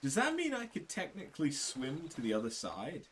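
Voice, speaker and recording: A man giving casual gameplay commentary in a low-key, mumbled, wry way. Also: huge pitch swings, moderate pace, slight background noise. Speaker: gaming channel host.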